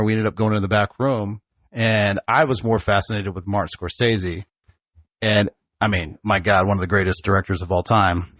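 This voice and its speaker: A man in his forties with a fairly low voice, chatting on his podcast. He tells long family stories in an easy, chatty way and laughs along. The sound is dry and close to the mic. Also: fairly bright tone, no room sound. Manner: chatty storyteller, laughs often. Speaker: podcast host, father. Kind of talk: casual family chat.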